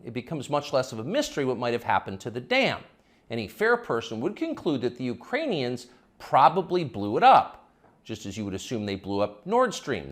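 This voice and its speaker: Middle-aged guy doing a snarky news monologue, pitch all over the place, mocking tone. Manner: sarcastic, mocking, swings between emphatic rises and low confiding drops. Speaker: news commentator. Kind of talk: scripted monologue commentary.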